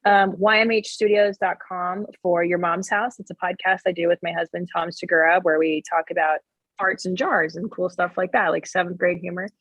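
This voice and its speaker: A woman's voice: lowish voice, fairly even intonation, normal speed, fairly bright tone, no echo, rough recording. A woman comedian in her forties from Canada, a guest chatting casually in an interview with a wry, joking manner.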